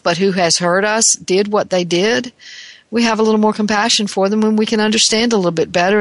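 An earnest host talks through self-compassion with many restarts, stretching key words slowly. The voice sits mid-range and is heard close and dry on a studio mic, with no room around it. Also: mid-range voice, a bit bright, no echo. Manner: earnest, with frequent restarts and slowed emphasis. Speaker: talk show host and counselor. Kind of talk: reflective talk on self-compassion.

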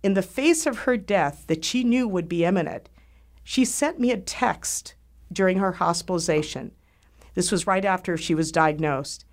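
A middle-aged woman hosting a show, speaking in a slow, earnest and heartfelt way. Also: fairly low pitch. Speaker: host. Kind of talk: scripted monologue.

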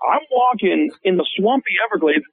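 A chef, a guest on a radio show, telling stories in a lively, casual way, full of fillers and acted-out quotes. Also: male voice, high voice, brisk, gravelly, breathy edge. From Hmong American. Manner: animated storyteller, acts out quotes, many fillers. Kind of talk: casual radio interview storytelling. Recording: phone-line guest audio.

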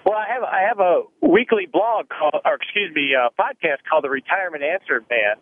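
A man's voice: on the high side, lively intonation, fairly quick, slightly rough, dry recording. A man speaking as a guest in a phone interview, explaining retirement planning thoughtfully and often restarting his sentences. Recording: tinny phone line.

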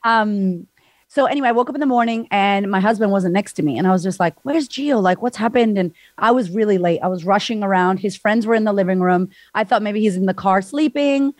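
A woman's voice: medium pitch, a little fast, a little mellow, no echo. A woman guest on a podcast, frankly retelling a hard personal story with lots of "like". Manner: frank, breathless retelling full of "like", acts out voices.

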